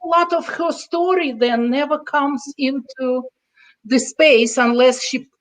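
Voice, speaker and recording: A woman's voice: high voice, a little slow. A woman in her sixties from Russia, with a Russian accent, speaking as a guest interculturalist in a reflective way, with many hesitant fillers. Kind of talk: casual conversation.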